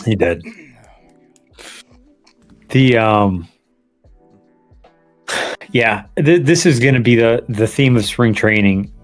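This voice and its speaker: Lively, profane male podcast co-host. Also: medium pitch, takes it slowly, long pauses, soft background music. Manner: profane, animated, laughing storytelling. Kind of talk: casual sports podcast banter.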